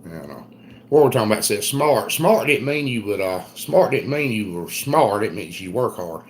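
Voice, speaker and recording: A middle-aged man with an Eastern North Carolina Southern accent, chatting casually on a livestream in a folksy, drawn-out storytelling way. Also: lowish voice, expressive. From Southern United States. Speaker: livestream host. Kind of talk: casual live chat reading comments.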